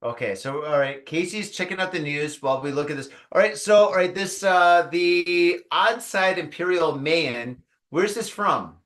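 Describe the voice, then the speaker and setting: A man with a bright, fairly high voice hosts a casual beer tasting chat. He tells loose, joking stories with plenty of fillers, and the room adds a clear echo. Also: moderate pace, few pauses. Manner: loose, joking storyteller who puts on voices for anecdotes. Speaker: host of a beer tasting show. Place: living in Japan. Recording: roomy echo.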